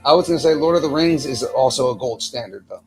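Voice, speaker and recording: A man with a gravelly, fry-heavy voice makes relaxed offhand remarks while working on a build during a livestream. His pitch sits mid-range, and faint music plays behind him. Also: fast talker. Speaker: podcast co-host building a model. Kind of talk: casual livestream chat.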